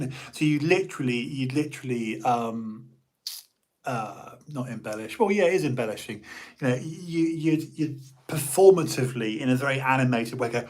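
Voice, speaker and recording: A man's voice: mid-range voice, normal speed, a little mellow. A middle-aged British man talking on his live stream in a chatty, jokey, rambling way, full of restarts. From United Kingdom. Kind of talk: casual rambling monologue.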